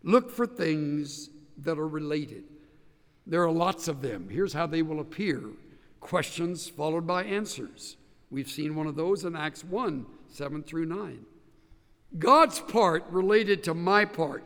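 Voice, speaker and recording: Bible teacher, male, high gravelly voice, emphatic and hands-on, heard in a big reverberant hall. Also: slow pace. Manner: emphatic, animated, directs listeners step by step.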